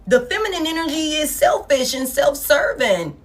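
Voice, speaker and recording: A woman giving a collective tarot reading, blunt, profane and animated, talking straight to her viewers. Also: high-pitched, normal speed. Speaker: tarot reader.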